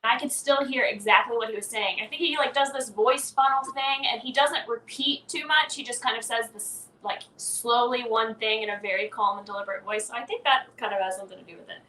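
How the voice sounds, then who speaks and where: A woman competitor talking in a chatty, animated way and laughing easily. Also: fairly high pitch, fairly quick, hardly any pauses, slight background noise. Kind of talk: casual chat. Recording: echoey, distant mic with faint ambience.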